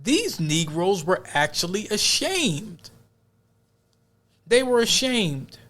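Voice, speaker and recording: A man's voice: high voice, very animated, slow pace, a bit bright. Emphatic male podcast host. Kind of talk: casual podcast commentary.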